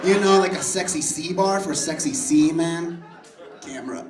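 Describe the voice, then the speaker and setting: A man's voice: fairly high pitch, moderate pace, recorded from a distance, crowd noise. A male comedian doing a flamboyant, campy nightclub-owner bit in a comic debate at a pub. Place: pub stage with a live audience. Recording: roomy live recording from off-mic, audience noise.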